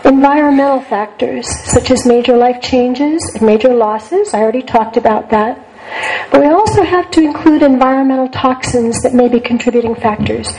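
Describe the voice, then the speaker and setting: A woman's voice: high voice, moderate pace, a little mellow, slight background noise, low-quality recording. An older woman psychologist giving a talk to a group, speaking earnestly and repeating words for emphasis. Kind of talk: lecture to a group.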